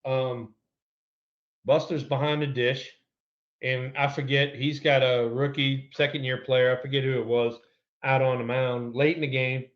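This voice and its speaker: A former baseball player telling a heated, profane locker-room story on a podcast. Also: male voice, mid-range voice, level tone, measured pace, lo-fi sound. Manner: heated, profane, acts out his own shouting. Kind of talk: casual sports storytelling.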